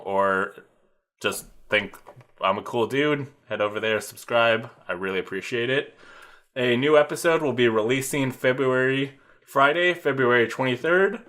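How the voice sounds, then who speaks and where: A man's voice: mid-range voice, unhurried, bright, forceful tone. A man hosting a podcast in casual chat, rambling through jokey plugs and announcements. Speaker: podcast host.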